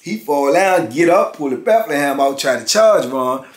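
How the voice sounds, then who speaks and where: A man in his fifties telling a prison story in casual, animated talk. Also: fairly high pitch, normal speed. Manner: animated, acts out others' voices. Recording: roomy echo.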